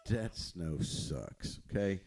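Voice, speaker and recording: A man's voice: deep voice, very animated, takes it slowly, creaky, a little mellow, slight background noise. A man chatting on a podcast, chiming in with quips and wisecracks. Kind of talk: casual chat. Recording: voice from far off the mic.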